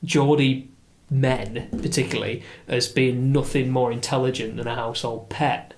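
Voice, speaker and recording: A man, a guest in casual podcast chat, telling stories in an animated way with lively asides. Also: mid-range voice, normal speed.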